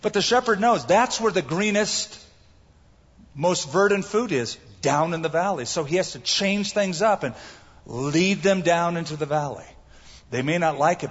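A man's voice: a little high, lively intonation, a little slow, breathy edge, long reverb tail, muffled recording. A man pastor preaching a sermon, emphatic and repeating his key phrases for the congregation. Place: church sanctuary.

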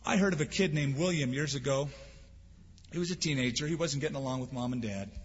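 A man's voice: medium pitch, fast, slightly rough. A man preaching a sermon as pastor, earnest and emphatic, with rhetorical questions. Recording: dull lo-fi sound with long hall reverb.

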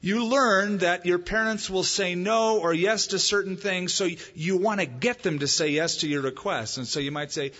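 A man delivers a sermon with a husky, slightly higher-than-usual voice and a conversational, emphatic way of preaching. The sound is muffled and carries a long echo from a church hall. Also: moderate pace, few pauses, bright, forceful tone. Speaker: pastor.

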